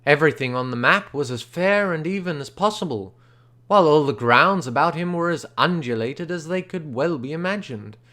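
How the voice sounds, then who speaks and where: A man reading an old short story aloud unrehearsed, with steady narration and occasional stumbles. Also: fairly high pitch. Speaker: reader.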